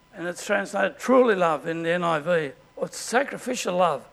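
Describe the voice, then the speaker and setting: An Australian man preaching a sermon as pastor, in a conversational way and often clearing his throat. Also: high-pitched, lively intonation, moderate pace, fairly bright tone.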